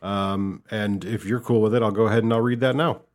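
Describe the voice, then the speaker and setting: A man co-hosting a podcast with a Midwestern American accent, talking in a relaxed, rambling, self-deprecating way. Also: fairly low pitch, fairly quick. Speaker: podcast co-host. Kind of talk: casual chat.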